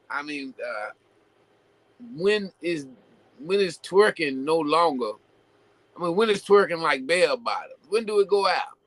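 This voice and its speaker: A man hosting his own show, talking casually and at length, full of "you know" fillers and restarts, building into animated rhetorical questions. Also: medium pitch, rough recording. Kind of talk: casual opinion monologue.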